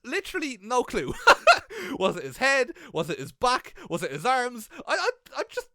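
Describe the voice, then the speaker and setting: A young Irish man giving comedic, sweary advice about wrestling commentary in an animated vlog, speaking into a gaming headset. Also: very high-pitched, moderate pace, dry recording, studio quality. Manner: animated, sweary, self-mocking.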